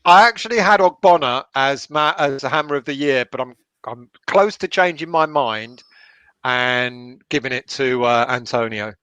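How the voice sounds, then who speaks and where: A man's voice: mid-range voice, moderate pace, sharp tone, smooth, dry recording. A man chatting on a video call with other fans, enthusiastic and given to repeating his lines and laughing. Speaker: fan on a watch-along stream. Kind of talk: excited match watch-along chat.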